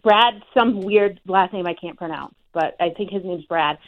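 A woman's voice: on the low side, moderate pace, highs cut off. A woman on a podcast crew, giving casual, matter-of-fact answers.

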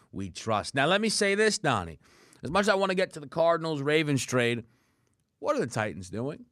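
A male sports talk host with a bright, forceful voice, ranting loudly and in a fired-up way. He sits fairly high for a man, and the sound is close and dry with no room around it. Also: no room sound. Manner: loud, fired-up, ranting, puts on quoted voices.

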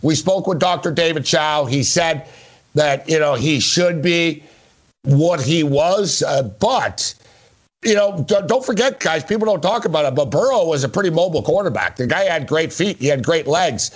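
A man's voice: fairly high pitch, lively intonation, moderate pace. A man hosting a sports talk show, chatty and rambling, with sarcastic jokes. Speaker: sports radio host.

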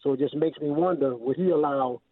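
Halting man on a phone line. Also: a little high. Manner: hesitant, halting, polite. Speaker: caller. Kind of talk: phone-in comment. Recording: tinny dry phone line.

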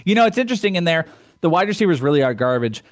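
A man co-hosting a casual sports radio podcast, talking in an upbeat way with quick jokes and asides. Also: a little high, big pitch swings, dry recording, studio quality. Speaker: podcast co-host.

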